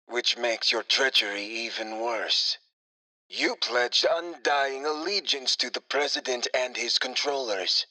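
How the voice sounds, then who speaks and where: A man puts on a cold bureaucrat of an interrogator with a squeaky, bright, almost piercing voice. He speaks slowly and evenly, every word measured and official, as if reading from a form. It is a storybook villain voice. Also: low-quality recording. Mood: cold, calm. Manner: slow, calm, clipped official tone. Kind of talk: audiobook character voice.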